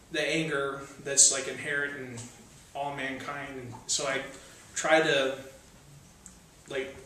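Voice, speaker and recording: A man's voice: mid-range voice, a bit bright. A young man at a cafe open mic who reads his poems with rising intensity and talks between them in a loose, hesitant way. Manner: intense declaiming readings, hesitant casual asides between poems. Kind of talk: spoken word poetry reading. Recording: very echoey room, mic from far off, faint noise.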